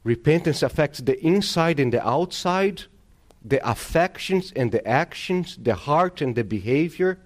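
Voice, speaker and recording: A man's voice: on the high side, expressive, unhurried. A male pastor delivering a sermon, preaching emphatically and calling on the congregation for amens.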